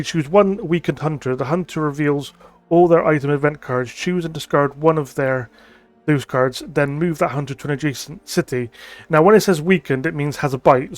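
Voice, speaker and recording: A man giving thinking-aloud commentary as he plays a digital board game, reading card text aloud and musing with frequent ums. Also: fairly high pitch.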